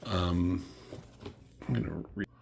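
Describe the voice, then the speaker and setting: A man's voice: sits low, takes it slowly, gravelly, darkish tone, a little hiss or hum. A young man casually reviewing a comic, rambling, laughing and acting out the characters' lines in voices. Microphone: camera mic.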